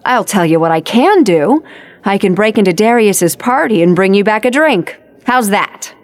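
A woman's voice: mid-range voice, no room sound, lightly acted. Lady doing a headstrong princess, feisty, voice jumps around a lot. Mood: earnest. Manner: brisk, indignant, lively. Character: spirited young princess, bold and headstrong.

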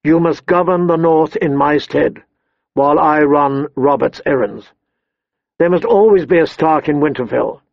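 A man reading the lines of a weary nobleman, solemn and firm, in a low, restrained voice. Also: unhurried, vocal fry, no echo, dull audio. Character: grave, weary nobleman and father.

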